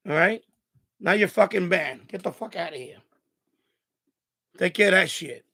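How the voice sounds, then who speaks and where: Angry, profane, gravelly-voiced stream host. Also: male voice, high voice, expressive, normal speed, sharp tone. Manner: angry, profane, repetitive rant. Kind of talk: live stream rant to chat.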